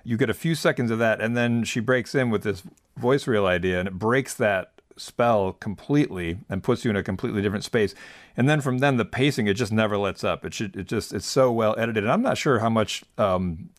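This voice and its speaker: A man's voice: on the low side, fairly quick, no echo, clean studio sound. A man discussing a student piece, enthusiastic, often repeating and restarting words. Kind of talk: casual discussion.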